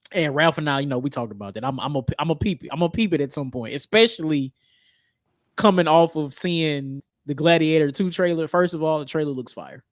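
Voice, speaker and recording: A man's voice: on the high side, brisk, no room sound, clean studio sound. A man co-hosting a podcast, chatting about movies in an easygoing way with plenty of slang. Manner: easygoing, laid-back slang talk. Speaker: podcast co-host. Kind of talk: casual pop-culture chat.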